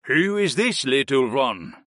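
A man doing a slow gruff clan chief. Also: medium pitch, sing-song, a bit bright, no echo, clean studio sound. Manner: slow, formal.

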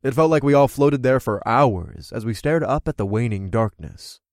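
A man narrating a first-person fantasy story in an expressive, conversational storytelling manner. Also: medium pitch, moderate pace, dry recording, studio quality. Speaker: audiobook narrator.

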